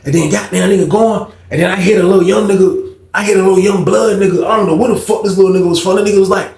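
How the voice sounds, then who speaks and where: A man casually telling a story in heavy street slang, animated and acting out the people he quotes. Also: high-pitched, rapid-fire, gravelly. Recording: roomy echo.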